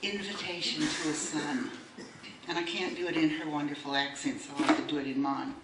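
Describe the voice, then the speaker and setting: A woman's voice: low voice, fairly even intonation, fairly quick, far from the mic. A woman giving a wry speech at a book launch and reading a poem aloud. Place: bookshop room. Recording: echoey room recorded from afar, faint noise.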